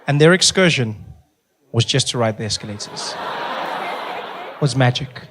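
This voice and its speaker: A man with a South African accent doing animated stand-up storytelling, acting out the people in it. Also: medium pitch, moderate pace, a crowd in the background, background noise. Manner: animated, playful, acts out characters. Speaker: stand-up comedian.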